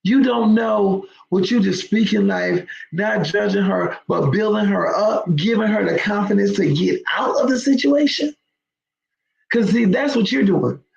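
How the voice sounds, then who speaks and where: Host: woman with a gravelly edge, emphatic storyteller, roomy dull lo-fi recording. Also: medium pitch, measured pace, a little mellow. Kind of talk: storytelling talk to viewers.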